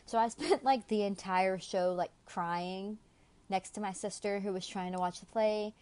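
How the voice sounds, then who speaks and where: A woman's voice: mid-range voice, fairly even intonation, unhurried, darkish tone, clear, resonant tone. Young woman YouTuber, casual storytelling voice, talkative with frequent fillers. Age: young adult.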